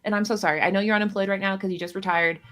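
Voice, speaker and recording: A woman's voice: mid-range voice, fairly even intonation, rapid-fire. A woman co-hosting a live stream in casual chat, rambling and self-deprecating with a jokey edge. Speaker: streamer co-host. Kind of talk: casual stream chat about a card game.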